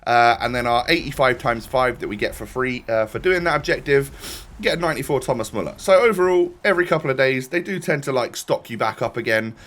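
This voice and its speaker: A man's voice: mid-range voice, a little fast, fairly bright tone. Chatty man rambling over gameplay. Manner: rambling, chatty, self-interrupting. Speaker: gaming YouTuber. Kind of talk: casual gameplay commentary.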